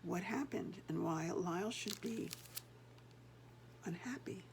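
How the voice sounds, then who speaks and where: A woman's voice: fairly low pitch, slow, slight background noise. An older woman, a grandmother, reading a picture book aloud and chatting to the children between pages.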